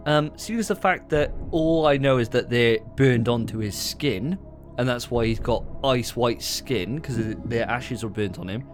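A man's voice: mid-range voice, moderate pace, faint music behind. A man co-hosting a casual podcast, bantering and swearing while his friends take shots. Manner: banter-heavy, swearing, animated. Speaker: podcast co-host. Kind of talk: casual drinking-game chat.

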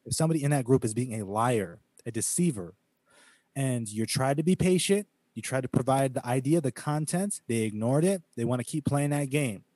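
Emphatic preachy man, dark voice. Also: medium pitch, animated, a little fast, no room sound. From United States. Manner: emphatic, preachy, quotes scripture, mocks critics in quoted voices. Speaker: podcast co-host. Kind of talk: casual podcast talk, preaching tone.

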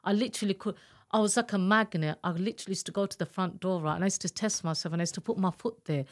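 A woman giving a candid, earnest account of her own past as an interview guest, halting and searching for words as she retells it. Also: mid-range voice. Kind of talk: emotional personal testimony in an interview.

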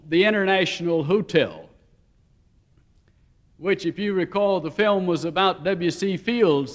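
A man preaching a sermon, telling stories and shifting between slow, weighty phrases and quick asides. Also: high voice.

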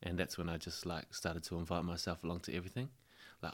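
A man's voice: deep voice, completely flat delivery, fast talker. A young man with a New Zealand accent, a guest on a casual podcast, telling stories in a laid-back way and calling his host bro again and again. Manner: laid-back storyteller, says bro constantly. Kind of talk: casual chat.

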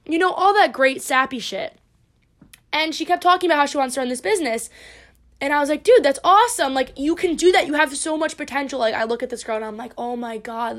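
A young woman in her twenties talks through a solo podcast in a high, bright-pitched voice. She is blunt and animated, swearing freely as she makes her points. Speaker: podcast host. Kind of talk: casual solo podcast chat.

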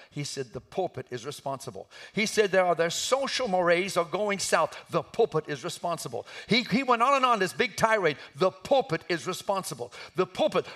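A man delivers a passionate sermon, his voice pitched high and swinging widely as he drives each point home. His tone is bright and forceful, and he rises into shouts at the climaxes. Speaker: preacher.

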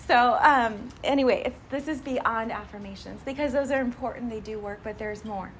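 A woman giving a live motivational talk to a group, animated and chatty, often laughing and asking the audience questions. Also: fairly high pitch, normal speed, slight background noise. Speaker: motivational speaker addressing a group.

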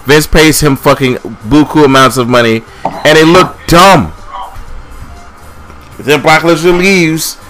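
A man's voice: fairly high pitch, slow pace, pauses often, fairly bright tone, faint music behind. Ranting, swearing young guy on a podcast. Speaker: podcast co-host. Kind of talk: casual podcast chat.

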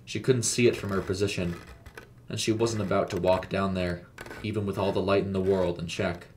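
A man narrating a scripted horror story in a measured, suspenseful way. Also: low voice, steady tone, a little mellow, a little hiss or hum.

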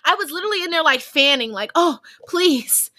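A woman co-hosting a podcast, chatting casually with blunt, profane, animated storytelling. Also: sits high, racing, dry recording, clean studio sound. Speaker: podcast co-host. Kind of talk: casual chat.

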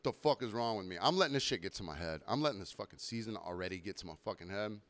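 A young man hosting a podcast, telling a rambling, profane, self-mocking story while getting over a sore throat and clearing it now and then. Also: lowish voice, lively intonation, rapid-fire, fairly bright tone. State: recovering from illness, throat clearing. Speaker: podcast host. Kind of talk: casual storytelling monologue.

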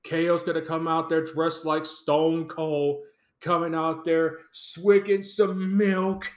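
A man's voice: on the high side, level tone, slow pace. A man hosting a solo fan podcast. He talks with enthusiasm, gives strong opinions and laughs often. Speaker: podcast host. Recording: echoey room.

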